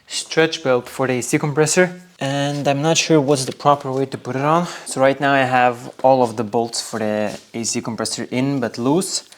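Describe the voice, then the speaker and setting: A man's voice: mid-range voice, steady tone, normal speed, hardly any pauses. A man hosting a car restoration video, explaining each step casually while he works in a garage workshop. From Norway.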